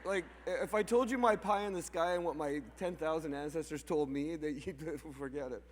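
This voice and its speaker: A man's voice: on the high side, fairly quick. A mushroom farmer from Canada giving an emotional, off-the-cuff speech to a crowd, rambling and restarting his sentences with small laughs. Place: large hall. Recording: long hall reverb.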